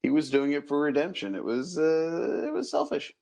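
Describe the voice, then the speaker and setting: A man's voice: fairly high pitch, huge pitch swings, moderate pace, creaky, a little mellow. A man co-hosting a casual film podcast, blunt and opinionated in chat. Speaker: podcast co-host.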